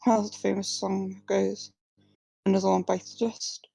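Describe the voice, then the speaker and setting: A woman's voice: medium pitch, little pitch movement, normal speed, creaky, dark tone, slight background noise, rough recording. A woman reading her own first-person fiction aloud at a live reading, with small slips and restarts. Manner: plain reading with slips and restarts, few distinct character voices.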